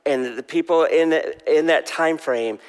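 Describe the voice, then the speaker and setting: Male pastor, conversational sermon, questions to the congregation, slightly high voice, long hall reverb. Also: a little slow.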